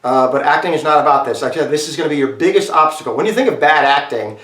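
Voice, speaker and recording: Guy teaching acting over a video call, kinda high voice, lots of uh and um, sounds far off the mic. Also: quick pace, few pauses. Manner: animated, talks straight to students with many fillers. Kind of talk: online acting class lecture. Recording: echoey room, mic far off.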